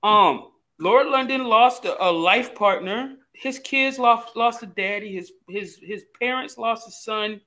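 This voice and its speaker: Man, podcast co-host, high bright voice, teasing, casual, profane. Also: a little slow. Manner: teasing, animated, swears freely. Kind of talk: casual chat.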